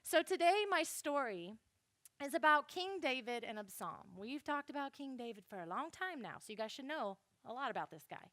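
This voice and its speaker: A young woman giving a chatty, animated Bible lesson to a youth group and speaking straight to the listeners. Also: high voice, a little fast, dry recording. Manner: chatty, animated, addresses the audience directly.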